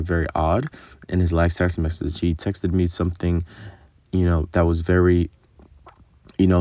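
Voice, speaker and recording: A man's voice: low-pitched, darkish tone, no echo. A young man telling a long, rambling story in casual, profane vlog talk, full of fillers.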